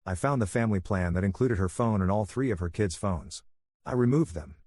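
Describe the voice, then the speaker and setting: A man narrating a first-person story in a calm, measured, firm voice. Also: fairly low pitch, dry recording, clean studio sound.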